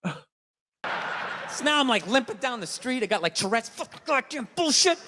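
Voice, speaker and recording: A man's voice: very high voice, sing-song, a little slow, pushed and bright. A man doing a stand-up comedy set, ranting and swearing as he mocks and argues with the crowd. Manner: profane, ranting, mocking. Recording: stage mic in a reverberant hall with a live audience.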